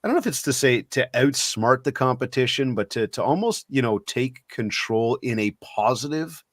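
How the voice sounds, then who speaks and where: A man's voice: mid-range voice, moderate pace, dry recording. Podcast host man, dry close sound. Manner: rambling, searching questions and lively storytelling. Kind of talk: casual conversational interview.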